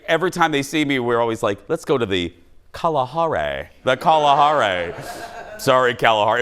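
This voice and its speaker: A man's voice: mid-range voice, clean tone. A man hosting a talk show, telling jokey stories to a studio audience. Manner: animated, jokey storytelling.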